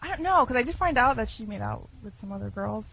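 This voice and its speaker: A woman on a casual radio talk show, talking fast and sounding defensive. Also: fairly high pitch, expressive, creaky, a bit bright, slight background noise, low-quality recording.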